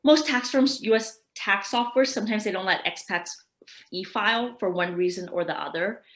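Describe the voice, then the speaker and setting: A woman's voice: mid-range voice, moderate pace, fairly bright tone, reverberant. A woman tax advisor giving a casual workshop presentation, explaining in a chatty, rambling way.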